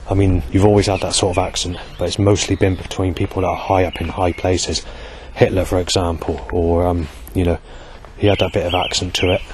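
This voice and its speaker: A man with a very low, deep voice, talking in a meandering monologue. He hesitates often and drifts between points, with a faint hiss of background noise. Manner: hesitant, digressive, many fillers and restarts. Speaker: vlogger. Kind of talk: rambling monologue.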